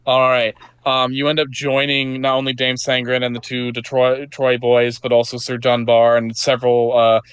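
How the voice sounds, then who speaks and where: A man's voice: mid-range voice, completely flat delivery, normal speed, few pauses, clear, resonant tone, dry recording. A man narrating as game master of a tabletop game, loose and casual, with frequent fillers.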